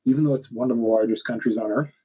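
Canadian guy talking casually, bit husky, keeps backtracking and rephrasing. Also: medium pitch, fairly even intonation, quick pace, warm tone, low-quality recording. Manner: rambling, self-correcting, laughs often. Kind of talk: casual chat.

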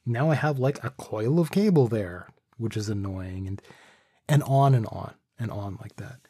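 Man, dark husky voice, dry close studio mic, rambling casual gear talk. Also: fairly low pitch, lively intonation, moderate pace, no room sound. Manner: rambling, thinking aloud with restarts. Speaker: vlogger reviewing his microphone setup. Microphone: studio condenser microphone with pop screen.

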